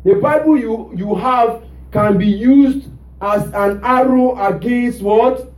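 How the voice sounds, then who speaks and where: Male pastor, high mellow voice, call-and-response sermon, roomy church sound from off mic. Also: takes it slowly, recorded from a distance. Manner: call-and-response preaching, rhetorical "what?" prompts.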